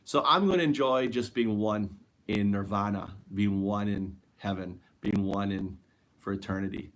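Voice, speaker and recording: A man hosts a casual spiritual monologue in a lowish voice, rambling and groping for words with many fillers. At times he drifts quieter and slower.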